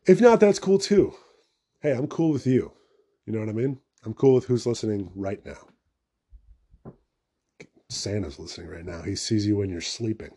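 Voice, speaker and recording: A young man talks through his own podcast in a loose, rambling way, swearing often and laughing at himself. His voice has a warm, darker tone and sits at an ordinary pitch. He keeps it casual and unscripted. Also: moderate pace, pauses often. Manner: rambling and profane, self-mocking asides. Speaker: podcast host. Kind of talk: casual solo podcast monologue.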